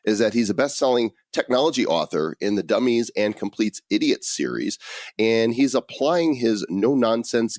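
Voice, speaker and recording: A man's voice: on the low side, darkish tone, no echo, studio quality. A man co-hosting a podcast, bantering and teasing casually. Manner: joking, teasing. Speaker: podcast co-host.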